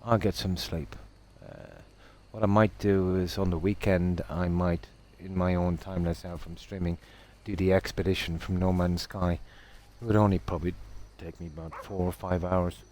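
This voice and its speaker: A middle-aged man from Ireland with a Midlands accent, a game streamer chatting casually and ramblingly with his viewers in a relaxed, self-deprecating way. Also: sits low, moderate pace, hardly any pauses. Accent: Irish Midlands.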